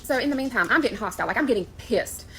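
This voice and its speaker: Rapid-fire woman telling her scam story, annoyed and lively. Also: fairly high pitch, a little hiss or hum, poor audio. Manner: animated, frustrated retelling. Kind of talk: casual storytime.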